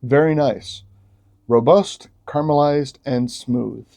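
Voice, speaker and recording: Slow-talking, mellow-voiced man. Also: mid-range voice, creaky. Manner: relaxed, jokey, exclaims while tasting. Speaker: beer vlogger. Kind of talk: casual tasting vlog.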